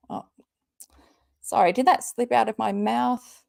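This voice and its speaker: A female commentary channel host speaks in a creaky, mid-range voice, a little slowly. She runs a live stream where she reads tweets and answers them with angry, foul-mouthed sarcasm.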